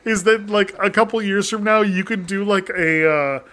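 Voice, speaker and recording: A man's voice: high-pitched, moderate pace, sharp tone. A man hosting a casual podcast with friends, laughing often, swearing and joking at his own expense. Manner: laughing, swearing, self-mocking. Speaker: podcast host.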